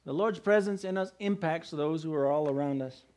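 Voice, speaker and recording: A man's voice: on the high side, moderate pace, darkish tone. A male pastor preaching a sermon, emphatic and firing rhetorical questions at the congregation.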